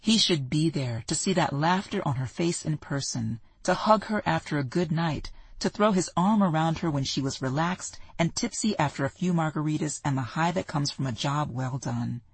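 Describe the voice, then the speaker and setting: Breathy audiobook narrator. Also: mid-range voice, moderate pace, hardly any pauses, no echo. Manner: even, storytelling delivery. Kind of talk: scripted narration.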